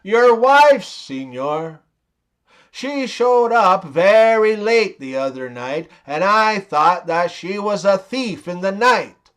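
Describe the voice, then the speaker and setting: A man's voice: sits high, expressive, slow pace, a bit bright, heavily acted. A man voicing a male servant who politely reports one disaster after another. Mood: deadpan polite. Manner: deferential, keeps saying sir. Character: male servant delivering bad news politely.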